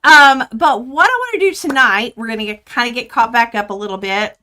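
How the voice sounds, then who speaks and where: A woman's voice: a little high, animated, brisk, sharp tone. A woman in her fifties hosting a quilting livestream from home, chatting casually and rambling with lots of fillers and restarts.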